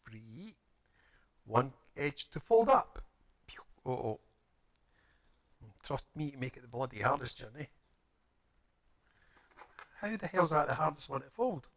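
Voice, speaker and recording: A man's voice: mid-range voice, big pitch swings, unhurried, long pauses. A man chatting playfully as he builds a paper model, muttering to himself and making silly sound effects.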